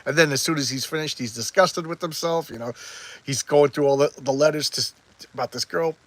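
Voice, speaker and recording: A man casually reviewing a comic book, talking quickly and excitably with many restarts as he retells the story. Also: fairly high pitch, no echo, rough recording.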